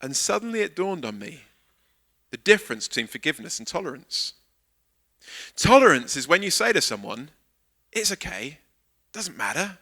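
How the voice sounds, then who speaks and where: A man's voice: fairly high pitch, fairly quick, pauses often. A man preaching as a guest speaker at a church service, telling a funny personal story and acting out the dialogue. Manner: animated storyteller, acts out quoted dialogue. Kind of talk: sermon with a humorous personal anecdote.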